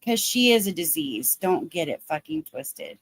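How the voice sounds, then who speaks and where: A woman's voice: on the low side, very animated, measured pace, a little hiss or hum. Blunt Southern Ohio woman streamer. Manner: blunt, profane, ranting. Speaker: drama commentary streamer. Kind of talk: livestream commentary.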